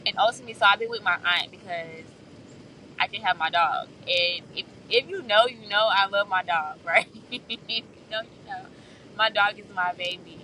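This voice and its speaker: A woman talks earnestly and from the heart in a personal faith vlog, often pausing to ask her listeners if they follow. Her voice is bright and clear. She sits a little away from the microphone, with faint outdoor noise behind her. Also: medium pitch, recorded from a distance, poor audio. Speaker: faith vlogger. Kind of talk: candid personal vlog monologue.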